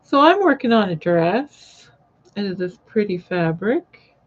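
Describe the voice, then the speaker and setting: A woman's voice: mid-range voice, very animated, unhurried. A woman hosting a casual live sewing chat, rambling and greeting viewers by name as she works. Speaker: sewing channel host. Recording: dull lo-fi live-stream audio.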